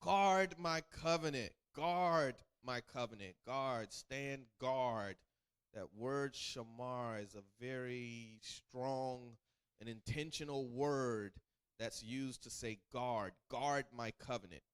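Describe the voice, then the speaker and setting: A man's voice: medium pitch, takes it slowly, smooth. A man teaching a bible lesson as a sermon, asking the listeners questions and acting out the people he quotes. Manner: animated, call-and-response questions, acts out quotes.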